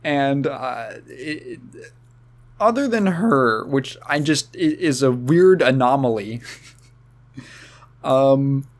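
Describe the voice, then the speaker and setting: A man's voice: medium pitch, lively intonation, very slow, pauses often. A young man hosting a casual podcast, rambling with many fillers and restarts and chuckling as he talks. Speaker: podcast host. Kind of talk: casual chat.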